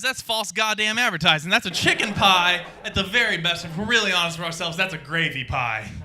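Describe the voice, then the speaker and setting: A man's voice: high voice, noisy background. A young man doing a stand-up comedy set in a club, with a brash, profane, punchy delivery. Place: underground comedy club with live audience.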